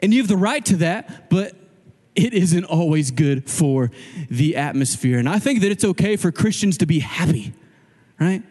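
Male pastor, casual lively sermon, slightly high voice, long hall reverb. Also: moderate pace. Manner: casual, animated preaching with quoted asides.

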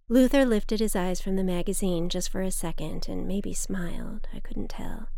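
Woman reading a personal story, mellow. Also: on the low side, normal speed, few pauses, no room sound, studio quality. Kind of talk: reading a personal essay aloud.

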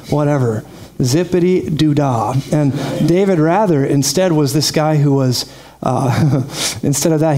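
A man's voice: fairly high pitch, dark tone. Chatty, laughing man preaching a sermon. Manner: chatty, laughing asides, storytelling.

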